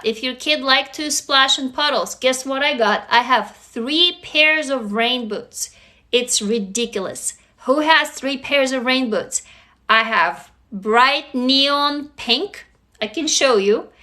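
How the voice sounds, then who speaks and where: A woman's voice: sits high, pushed and bright. A woman from Russia with a Russian accent, native in Russian, chatting casually on a phone livestream, greeting viewers and swearing lightly. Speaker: livestream host. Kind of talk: casual live-stream chat.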